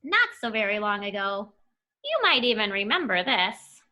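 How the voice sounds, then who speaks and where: A woman's voice: mid-range voice, big pitch swings, moderate pace, pushed and bright. A young woman teacher reading a picture book aloud to her class, with playful, chatty asides to the children. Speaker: elementary school teacher.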